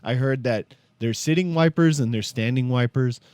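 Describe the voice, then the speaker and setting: A man's voice: mid-range voice, normal speed, a little mellow, smooth, no room sound. A man co-hosting a podcast, joking crudely in casual banter. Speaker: podcast co-host.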